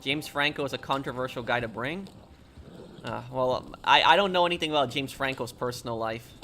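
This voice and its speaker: A man's voice: medium pitch, a little fast, pushed and bright, a little hiss or hum. A man streaming a video game, chatting casually and rambling through answers to viewers' questions. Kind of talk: casual live-stream chat while gaming.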